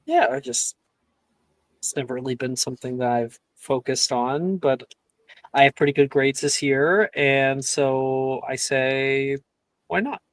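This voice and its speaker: A man's voice: medium pitch, level tone, a little slow, dry recording. A man playing a tabletop game in character, rambling and playful, often breaking into laughs. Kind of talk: in-character role-play.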